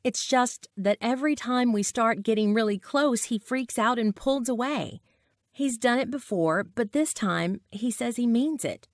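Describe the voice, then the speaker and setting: A woman's voice: on the high side, measured pace, no echo, studio quality, pitched above the performer's own voice. A woman doing an emotional young woman friend. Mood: pleading. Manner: emotional, pleading.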